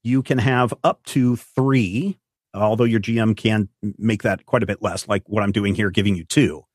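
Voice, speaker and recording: A man's voice: fairly low pitch, fairly even intonation, normal speed, dry recording, clean studio sound. A man running a tabletop role-playing game, narrating scenes and explaining rules with some restarts. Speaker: game master.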